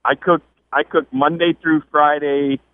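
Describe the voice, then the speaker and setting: A man's voice: a little high, little pitch movement, measured pace, dry recording. Easygoing male caller on a dull phone line. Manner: easygoing, matter-of-fact. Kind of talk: call-in radio chat. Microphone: telephone.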